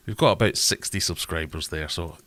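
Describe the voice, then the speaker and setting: A man's voice: deep voice, brisk, fairly bright tone. A man hosting a casual live stream, chatting in a rambling, self-deprecating way.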